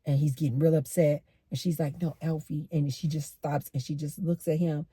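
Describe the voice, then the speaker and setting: A middle-aged woman hosting a casual storytelling commentary, animated and emphatic, repeating lines for effect. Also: low-pitched, moderate pace, slightly rough, no room sound. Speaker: host.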